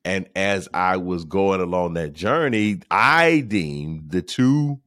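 A man's voice: expressive, slow, fairly bright tone. A man hosting a show, talking in a casual, preachy monologue and repeating phrases for emphasis. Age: adult. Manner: mocks others in high teasing voices. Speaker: podcast host.

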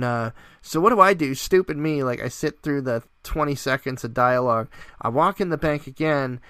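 A man's voice: mid-range voice, clean tone, no room sound, clean studio sound. A man hosting a casual gaming podcast, telling a funny story with frequent laughter. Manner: laughs often, animated storytelling. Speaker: podcast host.

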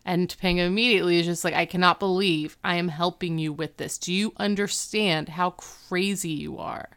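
A woman's voice: lowish voice, moderate pace, clear, resonant tone. A woman co-hosting a casual podcast, retelling a TV episode and acting out the characters' lines. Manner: animated retelling, acting out quotes. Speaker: podcast co-host recapping a TV episode. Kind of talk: casual chat.

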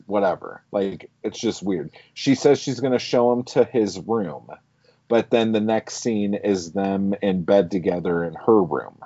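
A man's voice: lowish voice, unhurried, warm tone, slightly rough, no room sound. A man co-hosting a casual film podcast, recapping a movie in a rambling way with lots of "like" and swearing. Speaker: podcast co-host. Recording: dull dry lo-fi audio.

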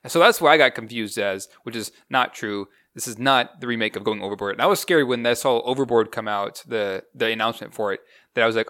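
A man's voice: mid-range voice, quick pace, fairly bright tone. A young man co-hosting a movie review podcast, talking casually and critically, rambling from point to point. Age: young adult.

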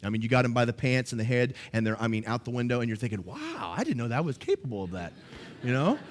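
A middle-aged man preaching a sermon as pastor, animated and jokey, acting out quotes in sudden high voices. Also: quick pace.

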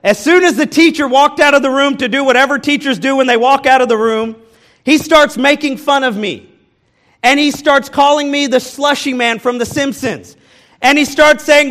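High-voiced male pastor preaching. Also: moderate pace, sharp tone. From American Midwest. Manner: candid, self-deprecating, speaks directly to the congregation. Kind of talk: personal storytelling sermon.

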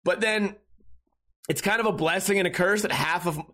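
A man's voice: high voice, normal speed, bright, forceful tone. A man in his thirties hosting a podcast, ranting in a sarcastic, profane, rambling way. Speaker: podcast host. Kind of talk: casual ranting monologue.

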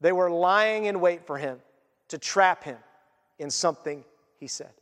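A man preaching a sermon as pastor in a conversational, animated way. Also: high voice, a little slow, long reverb tail. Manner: conversational, animated, laughs at his own points.

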